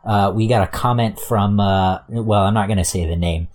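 A man's voice: on the low side, moderate pace, a little mellow. A young man co-hosting a comics podcast in casual chat, hesitant and full of fillers and restarts. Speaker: podcast co-host.

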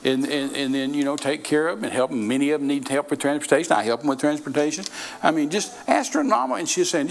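A man's voice: mid-range voice, brisk, low-quality recording. An older man preaching a sermon in a folksy, repetitive way, often restarting his sentences. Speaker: traveling preacher.

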